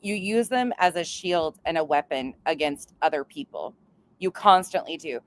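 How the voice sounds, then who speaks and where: A woman's voice: sits low, lively intonation, normal speed. A woman hosting a reaction commentary channel, blunt and sarcastic, swearing freely as she calls out the clip.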